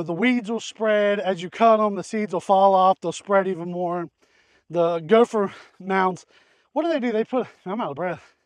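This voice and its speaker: A farm channel host, a man with a high voice, films his vlog outdoors in a hay field, talking through pest control in a rambling, folksy way. He uses fillers and restarts, and there's no room sound.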